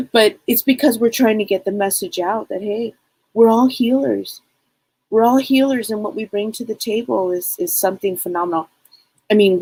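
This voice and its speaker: A woman's voice: lowish voice, darkish tone, husky, rough recording. A woman hosting a live psychic stream, chatting casually and rambling, greeting viewers by name.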